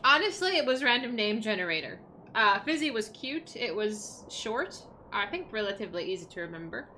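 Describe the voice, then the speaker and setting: A woman's voice: mid-range voice, sing-song, fairly quick, sharp tone, a little hiss or hum. A woman streaming a video game, chatting casually and rambling with lots of fillers. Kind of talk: casual livestream chat while gaming. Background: game music.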